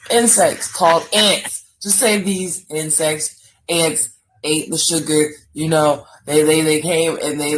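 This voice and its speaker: A deep-voiced woman co-hosts a live stream, running a word game and teasing her co-host in a slow, deliberate, exasperated way. The recording is rough, with faint background noise.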